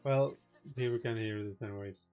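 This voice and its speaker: A man's voice: fairly low pitch, moderate pace, a little mellow, soft background music. A man co-hosting a casual podcast, laid-back and answering with short agreements. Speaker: podcast co-host. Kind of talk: casual chat. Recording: dull lo-fi mic.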